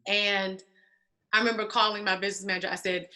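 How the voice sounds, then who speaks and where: As an interview guest, a woman in her thirties speaks briskly in a mid-range, sharp voice with fairly even intonation. Her candid personal testimony is animated, and she acts out others' voices.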